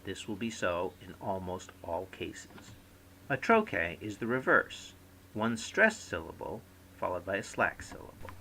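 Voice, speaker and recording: A man giving a recorded lecture, explaining terms clearly and stressing syllables in his example words. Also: low-pitched, very animated, measured pace, bright, forceful tone, a little hiss or hum, low-quality recording.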